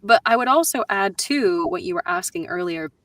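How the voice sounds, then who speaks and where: A woman's voice: fairly high pitch, big pitch swings, moderate pace, vocal fry, fairly bright tone, no echo, far from the mic. A woman voice actor in a live panel discussion, giving emphatic practical advice. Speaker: voice actor guest.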